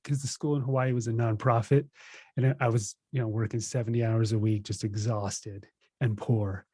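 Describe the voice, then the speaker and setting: A man in his thirties, a guest on a podcast, telling stories in a relaxed, self-laughing way. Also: fairly low pitch, normal speed, breathy edge, dry recording. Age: 30s. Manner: relaxed storytelling, laughs at himself. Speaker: podcast guest, meditation teacher. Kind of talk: casual interview chat.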